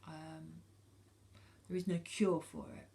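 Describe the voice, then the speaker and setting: A British woman in her forties speaks frankly to camera in a low, gravelly voice. She hesitates often, filling gaps with ums and restarting her sentences as she talks. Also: flat delivery, takes it slowly, warm tone. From United Kingdom. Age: 40s. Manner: frank and earnest. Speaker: vlogger. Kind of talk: casual talk to camera.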